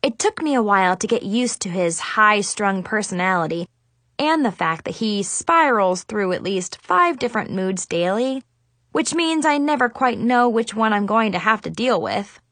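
A young woman narrating a story in a lively, expressive reading style. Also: mid-range voice, moderate pace, no room sound. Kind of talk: scripted audiobook narration.

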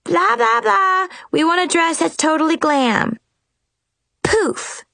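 A woman voicing a bubbly young fairy godmother who is bossy and flustered, with a high, chirpy delivery. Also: big pitch swings, a little slow, creaky, dry recording, exaggerated voice.

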